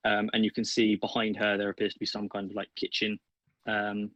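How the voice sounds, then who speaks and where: A man's voice: lowish voice, completely flat delivery, brisk, a bit bright, no room sound, highs cut off. A man narrating a tabletop game as game master, casual and full of fillers. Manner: casual, filler-heavy, rambling.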